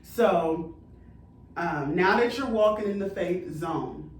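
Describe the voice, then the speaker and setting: A woman's voice: on the low side, takes it slowly. Affirming woman host guiding a heartfelt interview, recorded off-mic in an echoey room. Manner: encouraging, affirming, asks long reflective questions. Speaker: podcast host and coach. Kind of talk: interview conversation. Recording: roomy echo, distant mic, faint noise.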